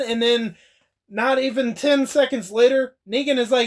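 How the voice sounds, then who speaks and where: A man's voice: very high-pitched, fairly even intonation, normal speed. A young man casually recapping a TV episode, loose and swearing, laughing as he goes. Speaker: TV episode reviewer.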